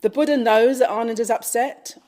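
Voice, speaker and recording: A woman giving a Buddhist dharma talk, gently telling a story with frequent fillers. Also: on the high side, brisk. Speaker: Buddhist teacher. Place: retreat talk at a Buddhist centre.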